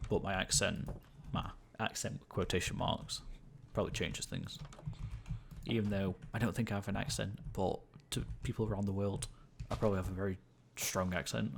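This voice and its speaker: A young man in his late teens, with a croaky voice, chatting casually and rambling through a gaming livestream. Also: deep voice, fairly even intonation, moderate pace, a little hiss or hum. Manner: rambling and chatty, with frequent fillers and swearing.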